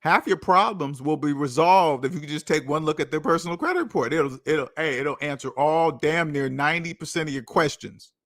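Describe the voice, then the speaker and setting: High-voiced guy ranting casually, repeats himself a lot, preachy and emphatic. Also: animated, a little fast, few pauses, fairly bright tone, no echo, studio quality. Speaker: channel host. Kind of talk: casual monologue to camera.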